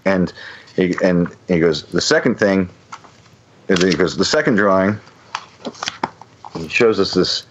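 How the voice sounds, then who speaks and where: A man's voice: deep voice, unhurried, pauses often, dull audio, slight background noise. A man telling a long story on a podcast, rambling with many restarts and fillers. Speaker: podcast guest. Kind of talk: casual storytelling.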